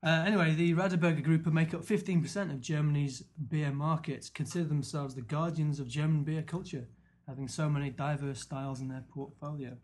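A man's voice: fairly high pitch, fairly even intonation, brisk, hardly any pauses, darkish tone. A man hosting a casual beer podcast, chatty, reading out beer facts with dry asides. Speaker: podcast host.

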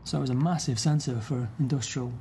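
A man's voice: mid-range voice, a little fast, a little mellow, slight background noise. A man hosting a beer podcast, chatty and teasing in casual talk. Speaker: podcast host. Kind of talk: casual chat.

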